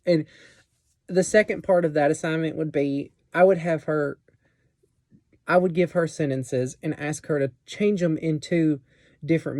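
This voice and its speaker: A man's voice: fairly high pitch, warm tone, dry recording, studio quality. A young man presenting a teaching plan for a class in a casual, explanatory way, with many fillers and restarts.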